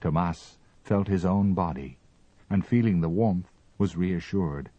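A man narrating a story as an audiobook reading, with expressive, measured storytelling. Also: low voice, no room sound, muffled recording.

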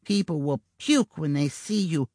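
A man voicing an eerie, taunting girl spirit trapped inside a china doll, speaking slowly and gloatingly in an audiobook. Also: on the high side, lively intonation, a little mellow, no echo, studio quality, pitched above the performer's own voice. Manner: slow, gloating and cruel. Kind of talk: audiobook character voice.

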